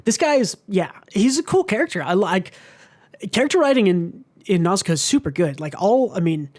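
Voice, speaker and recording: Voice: medium pitch, sing-song, fairly quick, darkish tone. A podcast co-host in a casual book club discussion, talking in a rambling way with many fillers and the odd swear word.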